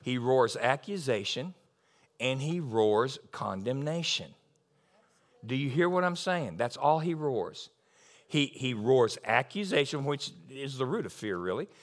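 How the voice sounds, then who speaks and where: A man preaching a sermon in an emphatic, lively way, repeating key lines and adding asides. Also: mid-range voice, unhurried. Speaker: pastor.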